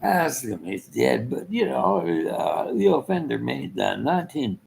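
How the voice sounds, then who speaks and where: A man's voice: mid-range voice, sing-song, a little slow, creaky, a little mellow, slight background noise, low-quality recording. A man giving a rambling casual monologue, trailing off mid-thought and chuckling often.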